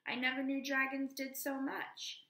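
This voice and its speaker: A woman reading aloud puts on the voice of a kindly, curious woman hostess who exclaims politely and brightly over her guest's gift. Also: sits high, level tone, unhurried, reverberant, voice pushed up, heavily acted. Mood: delighted.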